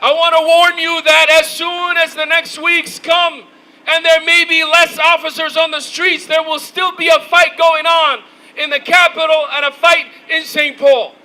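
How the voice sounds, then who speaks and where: High, bright-voiced man shouting a rally speech. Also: level tone, measured pace, rough recording. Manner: shouting, rousing, call-and-response. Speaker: rally speaker. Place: outdoor protest rally.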